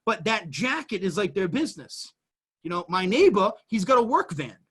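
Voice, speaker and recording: As a guest in a relaxed chat, this man animatedly breaks down business ideas, jumping between everyday examples. He speaks at a moderate pace in a high-sitting voice with a breathy edge.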